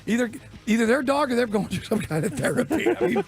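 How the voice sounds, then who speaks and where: A man co-hosting a sports radio show, telling stories quickly and laughing often. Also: extremely high pitch, animated. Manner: rapid storytelling, laughs often. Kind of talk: casual radio chat.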